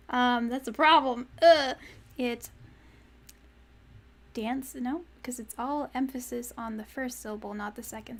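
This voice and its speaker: A young woman with a high voice chats on a live stream as she writes lyrics. She speaks slowly, trying phrases again and again and trailing off as she searches for the right word. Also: fairly even intonation. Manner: muses aloud, repeating phrases to find words; often laughs and trails off mid-thought. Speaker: streamer writing song lyrics. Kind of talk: casual live-stream chat.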